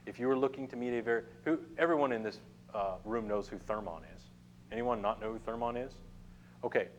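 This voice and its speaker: A middle-aged man teaching a live networking workshop to a small group. He talks in a loose, conversational way, keeps checking in with the room, and his voice sits at an ordinary middle pitch. A faint hiss and hum run under the recording. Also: rough recording. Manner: conversational, addresses the room with frequent "okay?" check-ins. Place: meeting room with a small audience.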